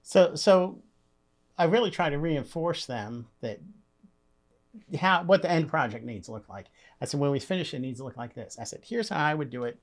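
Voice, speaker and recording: A man's voice: a little high, expressive, moderate pace. A man who leads a construction company, a podcast guest telling stories in a friendly, plainspoken way. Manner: friendly, plainspoken, repeats words as he starts. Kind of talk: conversational storytelling.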